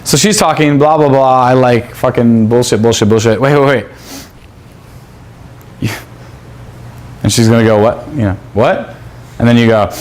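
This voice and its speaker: A man's voice: medium pitch, animated, moderate pace, pauses often, a little mellow. A man teaching a seminar class in a crude, profane manner. He quizzes his students and acts out pickup lines. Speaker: seminar instructor.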